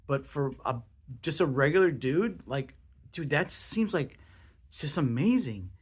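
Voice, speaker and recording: A young man hosting his own podcast, talking casually in an excitable, rambling way with lots of swearing and restarts. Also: a little high, unhurried, slightly rough. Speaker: podcast host. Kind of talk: casual solo podcast monologue.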